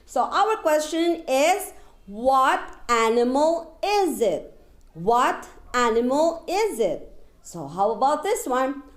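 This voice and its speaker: A woman with a Taiwanese accent teaching young children, speaking in a slow, exaggerated, drawn-out way, making animal sounds and singing. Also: high voice, very animated, roomy sound. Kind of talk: slow sing-song lesson for young children.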